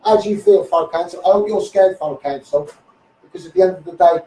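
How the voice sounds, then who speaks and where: A man's voice: high-pitched, fast, warm tone, recorded from a distance. A man with a Scouse accent ranting heatedly on a live stream, repeating himself and calling the listener mate. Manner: heated, repetitive, keeps saying "mate" and "you know what I mean". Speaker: self-styled campaigner. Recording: echoey room, voice off the mic.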